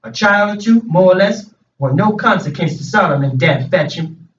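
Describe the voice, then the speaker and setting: A man's voice: sits high, expressive, moderate pace, fairly bright tone. A man reading as a stubborn, folksy grown man. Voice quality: rustic dialect speech, plain reading voice. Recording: distant, echoey, dull room recording.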